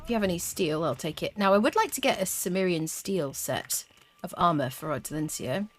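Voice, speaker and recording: A woman's voice: lowish voice, expressive, a little fast, a little hiss or hum. A woman streaming a game, chatting casually with her viewers and humming little tunes as she plays. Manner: chatty, talks to chat, hums little tunes. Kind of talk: casual live gameplay commentary.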